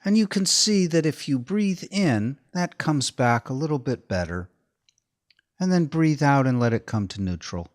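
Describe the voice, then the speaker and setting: A man giving a slow, calm, step-by-step guided body-awareness lesson as movement instructor. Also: medium pitch, no echo, studio quality.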